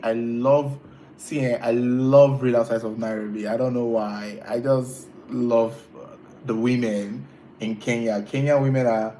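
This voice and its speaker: A man's voice: medium pitch, steady tone, unhurried, mellow, a little hiss or hum, poor audio. A man hosting a casual live stream, chatting with viewers, teasing them and laughing often. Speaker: livestream host reading chat.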